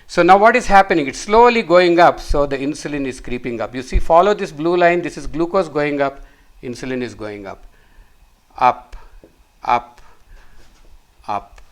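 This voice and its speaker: A middle-aged physician with a slightly high, expressive voice gives a whiteboard medical lecture at a fairly quick pace. He walks through a chart step by step as he draws it, repeating words for emphasis.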